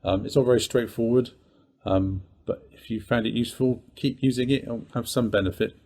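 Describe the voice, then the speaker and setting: A male percussion teacher giving a calm lesson and counting beats aloud as he plays. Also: mid-range voice, brisk, reverberant, low-quality recording. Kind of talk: instructional demonstration.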